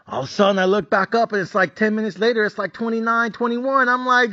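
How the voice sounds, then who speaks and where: A man with a high, bright, forceful voice rants heatedly about a lost bet, swearing freely and getting worked up. The sound is dry and close, with a dull, lo-fi tone. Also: fast talker, few pauses, dry recording. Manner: profane, heated and animated. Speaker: sports betting vlogger. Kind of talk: ranting monologue.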